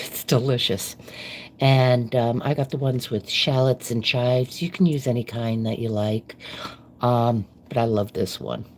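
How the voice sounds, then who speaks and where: Low-voiced middle-aged woman rambling to her live viewers while she chops, kitchen clatter behind her. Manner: chatty, rambling, addresses viewers. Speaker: live-stream cooking vlogger. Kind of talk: casual chat while cooking live. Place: home kitchen. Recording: kitchen noise under the voice. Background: chopping and kitchen clicks.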